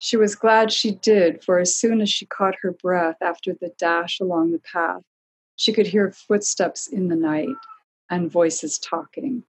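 A woman reading a storybook aloud in a calm, measured way. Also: on the low side, breathy edge, rough recording. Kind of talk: storybook narration.

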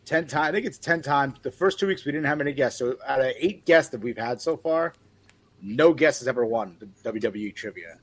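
A man's voice: mid-range voice, expressive, brisk, husky, no room sound. A young man co-hosting a casual podcast and running a trivia segment, upbeat and rambling with restarts. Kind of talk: casual chat, quizmaster.

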